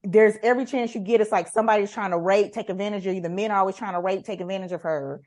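A woman's voice: medium pitch, fairly even intonation, racing, darkish tone. A woman co-hosting a casual chat, talking in an emphatic, opinionated way and acting out what others might say. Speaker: podcast co-host.

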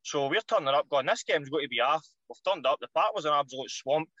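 A man with a Scottish accent, a former footballer telling stories as a podcast guest in an animated, slangy way, swearing freely. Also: fairly high pitch, fast talker, no echo, lo-fi sound. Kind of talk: casual anecdote telling.

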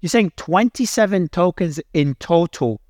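A man hosting a live audio panel, excitable and teasing, who often restarts his sentences. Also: high-pitched, a little slow, no echo, studio quality. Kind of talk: casual panel talk.

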